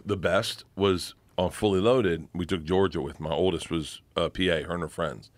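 A middle-aged man with a fairly low voice tells rambling stories in casual chat. He gets excitable, swears freely and keeps laughing through his own anecdotes. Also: moderate pace, no echo. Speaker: podcast guest comedian.

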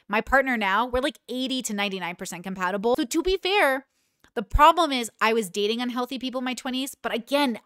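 Candid woman host, smooth clear voice. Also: on the high side, fairly bright tone, no echo, clean studio sound. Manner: candid, emotional, rambling with restarts. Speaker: commentary host. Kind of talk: casual reaction commentary.

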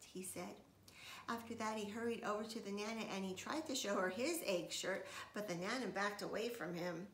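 A woman reading a children's chapter book aloud with expressive storytelling. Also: mid-range voice, moderate pace, creaky. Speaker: reader. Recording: echoey room, faint noise.

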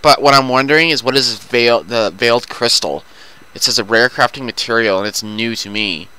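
Speaking a little fast in a mid-range voice, this man sounds bright, forceful and clean, though the audio is poor. He's playing a video game with a friend, loose, talkative and swearing throughout.

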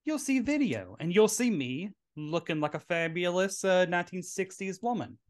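Hosting a casual podcast in his drag queen persona, a man from Tennessee chats playfully with a Southern accent. His voice is high and animated, moving at a moderate pace.

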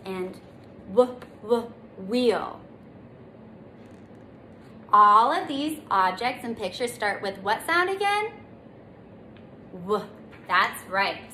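A woman teaching a children's circle time lesson in a gentle, sing-song way, stretching out letter sounds for little ones to repeat. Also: mid-range voice, big pitch swings, takes it slowly. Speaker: preschool teacher. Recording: echoey room, faint noise.

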